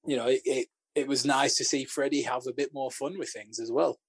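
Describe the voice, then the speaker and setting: Man, mid-pitched voice, podcast co-host, hesitant, lots of uh and you know. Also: fairly even intonation, a little fast, breathy edge, dry recording. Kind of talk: casual film discussion.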